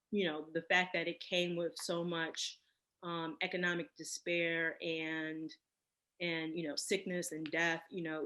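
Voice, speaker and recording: A woman's voice: on the low side, fairly bright tone. Reflective woman interview guest. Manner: reflective, many fillers and restarts. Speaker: podcast guest, cosmetic chemist. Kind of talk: casual interview.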